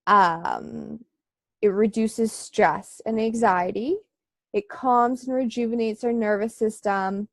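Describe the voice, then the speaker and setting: A woman teaching a live online breathing class, giving relaxed, chatty instructions with frequent fillers and a slightly congested voice. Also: a little high, slow pace, dry recording.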